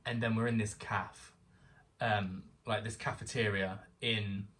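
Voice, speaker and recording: A young man from England telling an excited story as a guest, acting out the voices of people he quotes. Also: lowish voice, measured pace, recorded from a distance. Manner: excitable, animated storyteller who acts out quotes. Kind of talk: casual storytelling chat.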